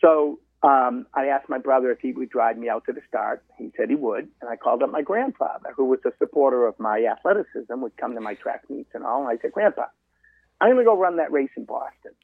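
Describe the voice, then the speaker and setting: A man's voice: medium pitch, a little fast, vocal fry, hardly any pauses, husky, no room sound. A man around seventy from Massachusetts, a marathon runner and guest, telling his story in an interview and acting out his dialogue with other people. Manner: animated storyteller who quotes people in dialogue. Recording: dry, phone-like line.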